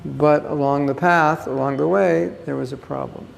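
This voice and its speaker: A man's voice: on the high side, steady tone, normal speed, creaky, big-room sound, a little hiss or hum. A man giving a scripture class, reading a passage aloud and then explaining it with emphatic asides, recorded on a phone.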